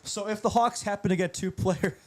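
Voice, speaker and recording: A man with a somewhat high voice talks hockey in a loose, bantering way during a live game broadcast. He teases his co-host, cracks jokes and laughs a lot as the game plays on. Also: fairly even intonation, normal speed. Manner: joking, teasing, laughs often. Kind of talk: casual sports chat while watching a live game.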